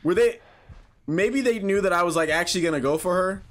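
A man's voice: high-pitched, brisk. A man giving horror game commentary, talking to himself, swearing, and yelping when startled. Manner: jumpy, talks to himself, swears, yelps and shouts when startled. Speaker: gaming YouTuber.

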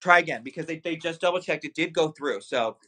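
A man hosting a live shopping stream with a bright, forward voice pitched a little high. He talks fast and excitably, hyping each product and calling out to his viewers. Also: slight background noise, rough recording. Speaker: livestream shopping host. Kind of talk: live sales stream chat.

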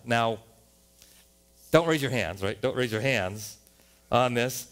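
A man with an American accent preaching a sermon as a pastor in a church, animated, often rising to loud exclamations and playful rhymes. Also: medium pitch. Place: church sanctuary.

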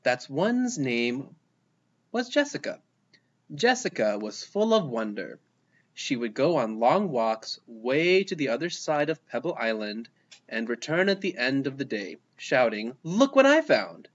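A man reading a children's storybook aloud, his pitch bouncing high and low as he goes. The voice is a little husky, and the home recording sounds dull and lo-fi. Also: measured pace. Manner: lively, expressive reading with voiced characters. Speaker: storybook reader. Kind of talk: children's picture book read-aloud.

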